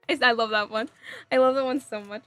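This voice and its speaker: A woman with a slightly high, steady voice talks at a moderate pace while assembling a model kit on a casual live stream. Sassy and quick to giggle, she playfully answers her chat as faint soft music plays beneath the dry recording.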